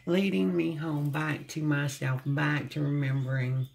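A tarot reader giving a gentle, channeled reading to viewers, often humming and sighing and sounding close to tears. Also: medium pitch, level tone, measured pace, creaky, a little hiss or hum. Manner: speaks with emotion, close to tears at times.

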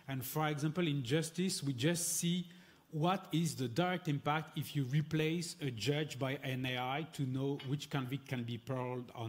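A man with a French accent, a Dominican friar speaking as a guest on a panel in a measured, hesitant way with many fillers. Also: fairly high pitch. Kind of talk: panel discussion.

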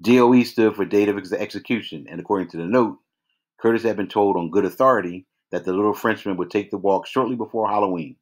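Deep-voiced man reading a novel aloud. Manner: measured, with occasional restarts. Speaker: reader. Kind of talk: read-aloud novel narration.

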